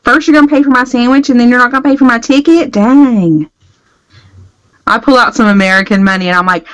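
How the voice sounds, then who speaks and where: A woman's voice: fairly high pitch, brisk, a bit bright, dry recording, rough recording. A woman playing a tabletop game, chatty and joking. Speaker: player. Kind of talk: casual tabletop play.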